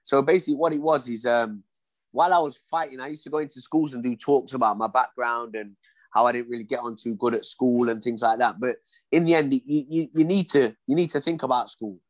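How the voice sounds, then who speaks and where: This former boxer, a man in his 40s, spins stories in a laid-back interview and performs each line of dialogue with lively energy. His mid-range voice moves a little fast, and the recording is dry.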